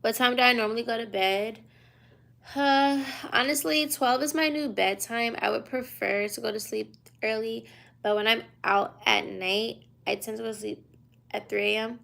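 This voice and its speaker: A woman's voice: on the high side, moderate pace, gravelly, fairly bright tone. A woman in her twenties from the United States, tired and yawning, chatting casually on a livestream from a hotel room at night. She reads viewer questions aloud and answers in a loose, slangy drawl. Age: 20s.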